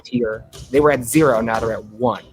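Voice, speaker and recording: A man running a tabletop game as game master, narrating in a halting, chatty way full of "uh" fillers. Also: medium pitch, over music.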